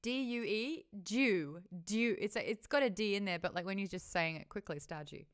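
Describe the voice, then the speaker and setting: A young Australian woman chatting on a live stream, her voice smooth and clear. Her pitch swoops about as she plays with word sounds and laughs easily. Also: lively intonation, normal speed. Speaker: streamer host. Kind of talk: casual live-stream chat.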